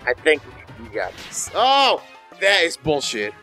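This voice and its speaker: A man's voice: on the high side, unhurried, soft background music. A young man co-hosting a game playthrough, cheering, swearing and heckling in casual banter. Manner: excitable, profane, cheering and heckling. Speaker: co-host watching a playthrough. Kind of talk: casual let's-play banter.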